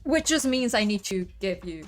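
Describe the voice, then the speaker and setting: A woman's voice: medium pitch, expressive, normal speed, soft background music. A woman with an Italian accent, a native Italian speaker, chatting casually with her stream viewers, laughing often and swearing freely. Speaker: livestreamer.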